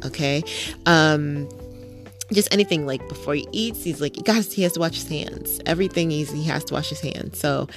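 A woman's voice: low-pitched, moderate pace, faint music behind. A woman and mother hosting a podcast, chatting casually and earnestly with frequent fillers and restarts. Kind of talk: casual chat.

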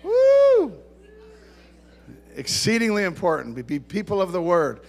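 Man, pastor, sermon, high-pitched voice, conversational, joking asides, emphatic bursts. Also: lively intonation, a little fast.

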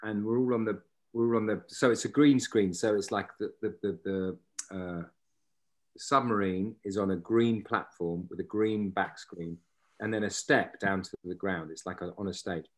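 A man, an actor, telling a lively anecdote in a casual interview and swearing freely. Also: on the low side, normal speed. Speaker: actor and podcast guest.

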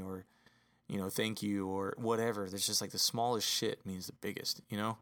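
A man speaks as a father in a relaxed podcast conversation, earnest and easygoing. His voice sits on the low side, and he fills his sentences with casual asides. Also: moderate pace, smooth. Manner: earnest, relaxed, says "you know" a lot. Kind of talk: casual chat.

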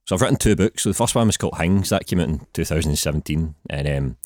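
A man in his thirties with a Glaswegian accent and a very deep voice, chatting casually as a podcast guest and laughing easily. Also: expressive, fast talker, darkish tone, no room sound, clean studio sound. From Scotland. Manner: laid-back, laughs easily. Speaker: guest writer.

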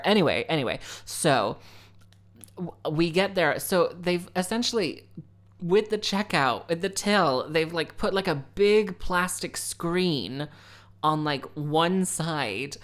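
Young woman, low voice, rambling sarcastic storyteller. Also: expressive, a little slow. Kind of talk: casual storytelling monologue.

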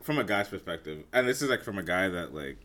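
A man's voice: low voice, sing-song, fast, pushed and bright. A young man co-hosting a podcast, playful and teasing in casual chat with bursts of laughter. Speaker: podcast co-host.

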